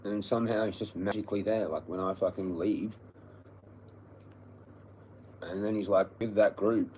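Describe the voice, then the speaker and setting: An Australian man on a livestream, telling a story as an angry, profane rant that swings between low muttering and loud yelling. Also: fairly even intonation, normal speed, slight background noise, low-quality recording. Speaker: livestream host.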